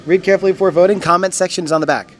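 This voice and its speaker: High-voiced man polling passersby. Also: steady tone, rapid-fire, slight background noise. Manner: friendly, explaining with playful emphasis. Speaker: host running a street poll. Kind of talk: casual interviewing.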